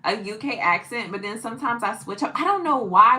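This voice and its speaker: A woman's voice: a little high, expressive, a little fast, few pauses, sharp tone, low-quality recording. A woman in her thirties chatting casually on a livestream at home, reading out viewer comments and laughing often. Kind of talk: casual live-stream chat. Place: at home, tidying up.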